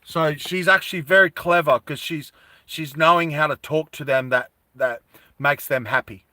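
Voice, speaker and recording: A man's voice: a little high, normal speed, pushed and bright, dry recording. A man telling a story casually to a live chat as a streamer, chatty and rambling.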